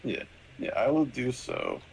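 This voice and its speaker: A man's voice: mid-range voice, wildly swooping pitch, measured pace, vocal fry, a little hiss or hum, poor audio. A man playing a tabletop game, mixing formal in-character phrasing with casual asides. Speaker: player.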